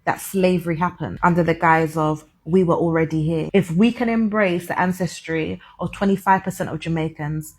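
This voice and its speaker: Woman, scripted commentary, measured and earnest, husky tone, lowish pitch. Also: steady tone, darkish tone.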